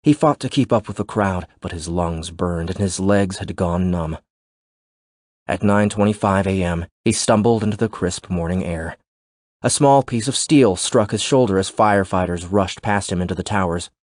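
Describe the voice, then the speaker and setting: Brief: male narrator, low voice, steady scripted delivery, dry close sound. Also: moderate pace, dry recording. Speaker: audiobook narrator.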